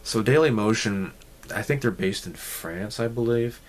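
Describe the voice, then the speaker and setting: A man's voice: lowish voice, normal speed, slight background noise. A man hosting his hobby channel, giving a casual, rambling update with lots of fillers, restarts and blunt, mildly crude asides.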